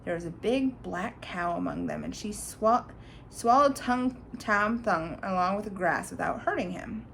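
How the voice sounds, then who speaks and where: A woman reading a storybook aloud to a child, animated and pointing out the pictures as she goes. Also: medium pitch, unhurried, gravelly, a little hiss or hum, low-quality recording.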